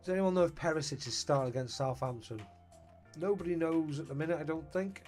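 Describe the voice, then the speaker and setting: A man's voice: on the high side, quick pace, darkish tone, soft background music. A man chatting casually on a live stream, greeting viewers and thinking aloud about his team.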